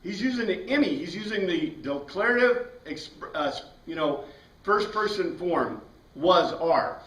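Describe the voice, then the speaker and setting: A man's voice: high-pitched, expressive, measured pace, fairly bright tone. A man teaching a Bible class, explaining step by step and putting questions to his students. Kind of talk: classroom lecture. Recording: roomy sound from a distant mic.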